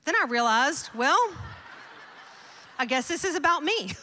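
A middle-aged woman pastor preaching a sermon, telling a personal story in an animated, emphatic way with repeated refrains. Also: sits high, unhurried. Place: large church auditorium. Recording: long hall reverb.

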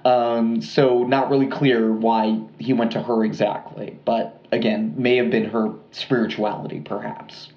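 A man co-hosting a podcast, telling a true crime story in a relaxed, rambling way with lots of fillers and restarts. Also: fairly low pitch, a little slow, hardly any pauses, echoey room, lo-fi sound. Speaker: podcast co-host.

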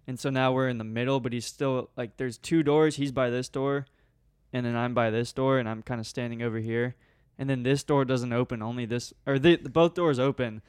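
A young man with a smooth, resonant voice at a middling pitch tells a rambling anecdote on a podcast. He is animated and laughs often, and the sound is close and dry with no room echo. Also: fairly quick, few pauses. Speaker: podcast co-host. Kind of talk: casual storytelling chat.

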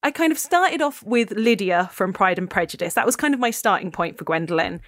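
A woman's voice: medium pitch, lively intonation, fairly quick, fairly bright tone, no echo, studio quality. A woman chatting casually about her role-playing character, rambling and laughing often. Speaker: podcast co-host and tabletop player. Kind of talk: casual chat.

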